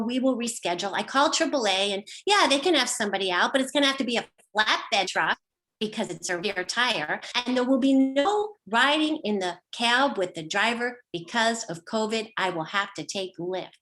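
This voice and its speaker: A woman's voice: a little high, a bit bright. A middle-aged woman performing a personal story with wry, dry humor, slipping into quoted voices now and then. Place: home, online show.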